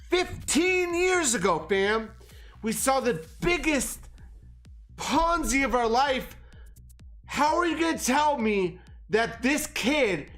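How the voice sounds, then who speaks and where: A man's voice: very high-pitched, a bit bright. A man ranting on a livestream about markets, profane and agitated. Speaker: market commentary streamer. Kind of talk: livestream rant.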